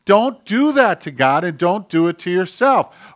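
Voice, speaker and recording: A pastor delivering a sermon in an emphatic, direct way. His voice sits a little high for a man. He slips into quiet, muttered voices when quoting people. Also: sing-song, unhurried. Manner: emphatic, acts out quoted voices in hushed tones.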